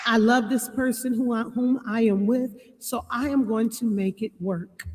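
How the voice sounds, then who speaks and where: A woman giving relationship advice to her viewers, reading passages and repeating key lines slowly for emphasis. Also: on the high side, steady tone, in a large hall, heavy background noise. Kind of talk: reading and commenting on a marriage book.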